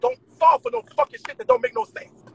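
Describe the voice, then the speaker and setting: A man venting to his viewers in an animated, profane, emphatic rant. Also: extremely high pitch, quick pace, vocal fry, poor audio. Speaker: vlogger. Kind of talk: ranting straight to camera.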